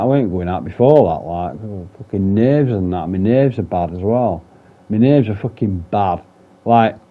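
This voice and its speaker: A man talking candidly in a personal vlog, rambling, swearing often and restarting his sentences. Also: on the low side. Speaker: vlogger. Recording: dull lo-fi sound.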